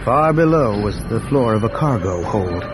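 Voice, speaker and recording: A man narrating an audiobook in a steady, expressive reading. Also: lowish voice, moderate pace, music in the background. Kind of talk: scripted narration.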